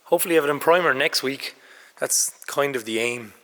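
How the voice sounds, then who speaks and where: A man chatting casually through a car restoration vlog, his voice a bit hoarse, matter-of-fact with some swearing. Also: medium pitch, fairly quick, fairly bright tone, long reverb tail. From Ireland. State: hoarse, says he lost his voice. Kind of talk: casual workshop vlog narration. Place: large garage workshop, indoors.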